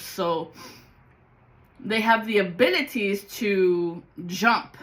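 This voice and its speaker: A woman giving a rambling, excitable spiritual vlog monologue as a card-reading guide, swearing freely. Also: medium pitch, measured pace, long pauses, low-quality recording.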